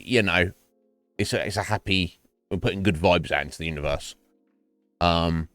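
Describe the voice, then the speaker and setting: A low-pitched man in his forties rambles through a casual stream chat. He swears freely and pokes fun at himself. The mic is close and dry, with faint game music behind him. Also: a bit bright, clear, resonant tone, dry recording. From England. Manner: rambling, sweary, self-mocking. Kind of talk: casual chat while gaming. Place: home streaming setup.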